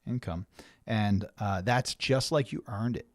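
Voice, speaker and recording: A man's voice: on the low side, unhurried, no echo, studio quality. A middle-aged man hosting a financial planning show, explaining things to viewers in a conversational way with frequent restarts and fillers. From United States.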